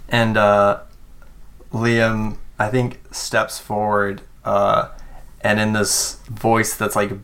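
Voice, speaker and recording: Game master, man, slow deliberate horror narration. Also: lowish voice, completely flat delivery, fairly bright tone. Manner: slow and deliberate, with many fillers.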